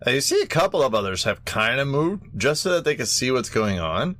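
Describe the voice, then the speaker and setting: A man running a tabletop game as game master, animated and quick to laugh. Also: fairly low pitch, dry recording. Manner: animated, laughs often, voices monsters in short quotes.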